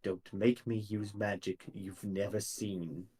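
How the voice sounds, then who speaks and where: A man's voice: fairly low pitch, level tone, slow, darkish tone, slightly rough. A man voicing a commanding, scornful male hobgoblin wizard in grand robes.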